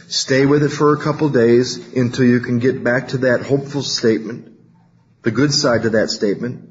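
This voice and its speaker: Man, recovery workshop talk, storytelling, acts out voices, mid pitch, muffled recording. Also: normal speed. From California. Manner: animated storytelling, acting out quoted voices. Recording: dull low-fidelity recording, faint hiss.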